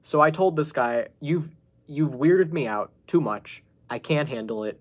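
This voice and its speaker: Unhurried and expressive, with a fairly high pitch, a male podcaster tells a story in a laid-back, exasperated tone. He laughs a lot and swears as he quotes the people in it.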